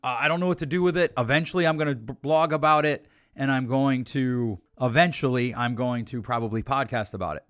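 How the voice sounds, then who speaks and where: A man's voice: mid-range voice, brisk, hardly any pauses, a bit bright, smooth, no room sound, clean studio sound. A middle-aged man hosting a solo relationship advice podcast, blunt and emphatic as he urges listeners to change. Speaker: podcast host.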